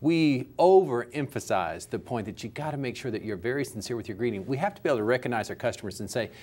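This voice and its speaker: A man's voice: medium pitch, fast. A man speaking as a customer service coach in an interview, explaining his points with everyday examples. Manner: animated, teaching with everyday examples.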